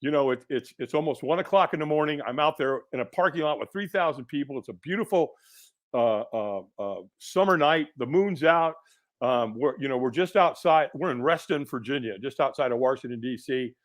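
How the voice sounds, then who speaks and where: A middle-aged man, a podcast guest, telling a personal story in an animated way and acting out the people in it. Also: medium pitch, brisk. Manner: animated storyteller who acts out quoted voices.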